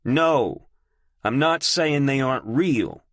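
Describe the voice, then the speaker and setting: A man voicing a calm, firm young man. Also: mid-range voice, takes it slowly, no echo, clean studio sound, pitched above the performer's own voice. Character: young man, steady protective caretaker. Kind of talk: audiobook character voice.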